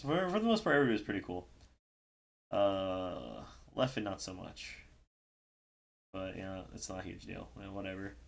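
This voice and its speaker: A man's voice: on the low side, vocal fry, fairly bright tone. A man casually telling a story on a livestream, rambling with lots of fillers and breaking into laughter. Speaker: stream host recapping a tournament.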